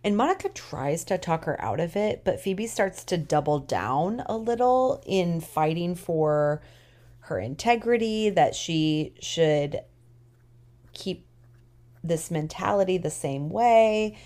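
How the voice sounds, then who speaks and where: A woman co-hosting a podcast, recapping a TV episode in a casual, animated way with emphatic opinions; she is tired. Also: fairly low pitch, slow. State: tired, yawning. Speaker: podcast co-host.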